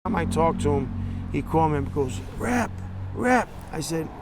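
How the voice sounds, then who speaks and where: A man's voice: on the high side, moderate pace, noisy background. Blunt man acting out phone calls. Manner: blunt, animated, acts out both sides of phone calls. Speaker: interviewee in a documentary. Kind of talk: telling a story in an interview.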